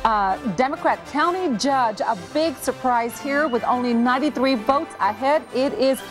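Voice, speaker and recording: A female TV news anchor reads election results in a measured, formal way. Her voice is high. Loud music plays beneath her. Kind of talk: TV news report.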